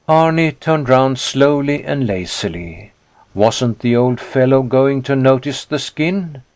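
A man reads a rural tale as an audiobook narrator. His delivery is measured and plain, taken at a slow pace. The recording is close and dry, with no room sound. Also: medium pitch, darkish tone, no echo.

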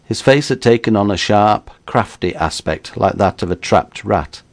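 A man reading an audiobook in a measured storytelling manner. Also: lowish voice, expressive, creaky. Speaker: narrator.

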